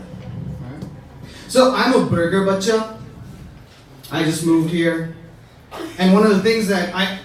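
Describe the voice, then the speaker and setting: A man's voice: a little high, a little hiss or hum. A young man doing a stand-up comedy routine, talking conversationally and tagging his lines with "right?". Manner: conversational, keeps asking "right?". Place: comedy stage with live audience. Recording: echoey room, distant mic.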